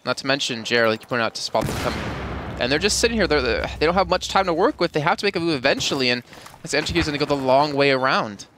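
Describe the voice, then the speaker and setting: A man's voice: a little high, expressive, fast talker, hardly any pauses, noisy background. A man giving chatty, analytical color commentary on a live esports match.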